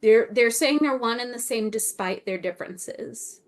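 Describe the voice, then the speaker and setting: A woman's voice: a little high, moderate pace. A woman channeling on a video call, searching for words and laughing often, with phrases that repeat and trail off to a whisper. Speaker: Akashic Records channeler. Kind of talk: channeling in a group video meeting.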